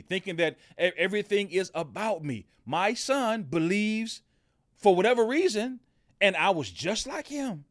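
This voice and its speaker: A middle-aged man talks through a story on his podcast in a loose, chatty way, stopping and starting often. His voice sits a little high for a man. The sound is close and dry, with no room around it. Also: dry recording. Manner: conversational, storytelling, many fillers and restarts. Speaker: podcast host. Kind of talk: casual motivational podcast talk.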